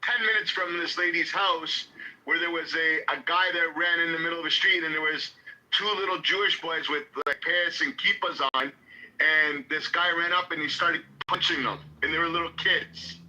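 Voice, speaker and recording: Bright-voiced man telling a rambling story. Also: fairly high pitch, steady tone, moderate pace, rough recording. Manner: rambling, profane, full of "like" and quoted voices. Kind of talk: casual storytelling chat.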